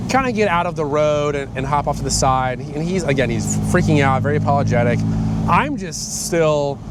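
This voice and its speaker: A man's voice: on the high side, animated, moderate pace. Rambling man telling a car story. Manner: rambling, lots of "like" and "I'm like". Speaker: car channel host. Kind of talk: casual storytelling. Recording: loud outdoor noise.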